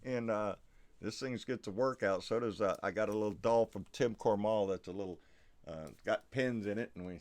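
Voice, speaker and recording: A man hosting a casual livestream, talking excitably with frequent swearing and stumbling restarts. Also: lowish voice, moderate pace. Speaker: livestream host. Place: South Texas.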